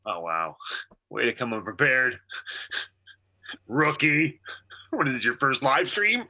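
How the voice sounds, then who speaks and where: A man's voice: medium pitch, animated, slow, bright, forceful tone. A man co-hosting a live stream, talking earnestly and rambling with repeated phrases. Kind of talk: casual livestream chat.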